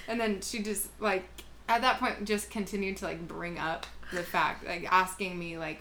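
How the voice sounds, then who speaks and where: A woman's voice: medium pitch, a little fast. Brief: young woman, casual podcast co-host, swears a lot, faint room noise. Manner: storytelling, profane, animated quoting. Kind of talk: casual chat.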